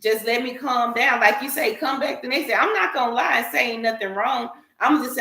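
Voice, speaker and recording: This woman's voice is a little high and sharp, and she speaks a little fast. As a panel guest in an open group conversation, she earnestly and emphatically explains her views at length, in a room with noticeable echo.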